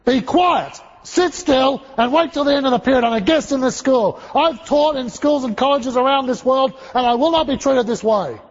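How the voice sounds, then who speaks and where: A man voicing an indignant, preachy male missionary who scolds and shouts at a rowdy crowd. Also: very high-pitched, normal speed, hardly any pauses, pitched above the performer's own voice. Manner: shouting, self-righteous scolding. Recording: dull lo-fi recording.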